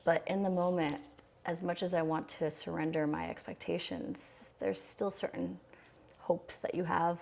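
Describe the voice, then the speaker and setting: Low gravelly woman, candid and reflective. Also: moderate pace, a little mellow. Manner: candid, reflective, many restarts. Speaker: guest sharing her birth story. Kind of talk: conversational storytelling.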